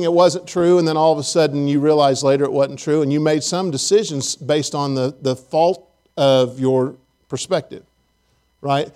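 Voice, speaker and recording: A man's voice: a little high, a little mellow. Folksy, joking male pastor preaching. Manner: conversational, joking, speaks straight to the congregation. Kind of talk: sermon. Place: church service.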